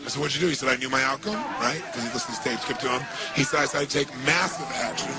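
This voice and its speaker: A man speaking as a motivational speaker, telling a story in an animated way and throwing rhetorical questions at his audience. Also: medium pitch, rapid-fire, a loud crowd. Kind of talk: storytelling talk. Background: music.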